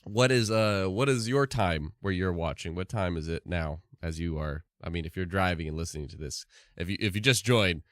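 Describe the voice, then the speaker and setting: Brief: sleepy man streaming in the morning, lowish voice, close and dry. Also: moderate pace, few pauses, fairly bright tone, no room sound. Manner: rambling, restarts a lot. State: tired from no sleep. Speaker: live streamer. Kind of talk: casual live-stream chat.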